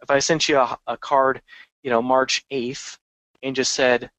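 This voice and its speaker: A man's voice: medium pitch, flat delivery, a little slow, fairly bright tone, no room sound, low-quality recording. A man hosting a marketing podcast, talking energetically in a casual, conversational way with frequent restarts and asides. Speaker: podcast host and marketing coach. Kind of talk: casual business podcast monologue.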